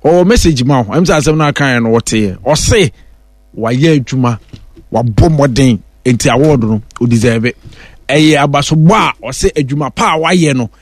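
A man with a Ghanaian accent discussing politics on a talk show, arguing forcefully and mixing in English. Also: mid-range voice, expressive, moderate pace, no echo. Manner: forceful, argumentative, switches between Twi and English.

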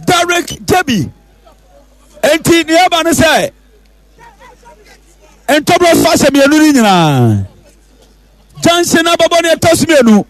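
High-voiced Ghanaian football commentator, man. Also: moderate pace, long pauses, dry recording, soft background music, some chatter behind, rough recording. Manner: repeats players' names and shouts them out excitedly. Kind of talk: penalty shootout commentary.

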